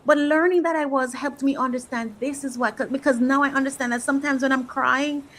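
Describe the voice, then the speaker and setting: A woman's voice: high-pitched, steady tone, a little fast, fairly bright tone, rough recording. A woman coach giving an emotional, motivational faith talk, repeating phrases for emphasis. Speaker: faith-based life coach.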